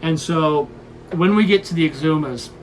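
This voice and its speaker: A man in his twenties, eager and excitable, showing guests around his sailboat in casual chat. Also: a little high, a little hiss or hum. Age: 20s. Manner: eager, excitable, quick restarts. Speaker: guest giving a boat tour. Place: aboard a sailboat. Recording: busy background chatter.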